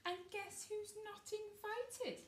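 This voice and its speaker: A woman's voice: high-pitched, very animated, unhurried, echoey room, slight background noise, pitched above the performer's own voice. A woman voicing a sneering, boastful older brother in a storybook reading.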